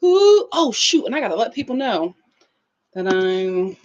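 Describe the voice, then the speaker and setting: A woman's voice: mid-range voice, big pitch swings, measured pace, background noise. A woman hosting a casual live-stream review of a reality show, chatting with viewers and sometimes singing her greetings, on a muffled livestream recording.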